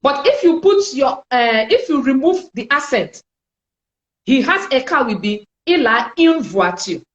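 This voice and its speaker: A woman teaching French in a spoken lesson, explaining slowly and deliberately and repeating sounds for her learners. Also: sits high, very animated, roomy sound, highs cut off.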